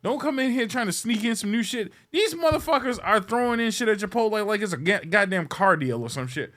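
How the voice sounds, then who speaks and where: With a high voice and a fairly quick delivery, this man hosting a podcast launches into a profane, comedic rant. He's exasperated and animated, complaining casually while cursing freely.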